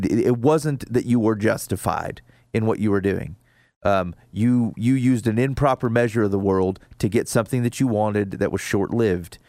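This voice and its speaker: A man's voice: fairly low pitch, a little mellow, dry recording. A man co-hosting an advice podcast, talking bluntly in a folksy, joking way. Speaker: co-host. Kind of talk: casual podcast advice chat.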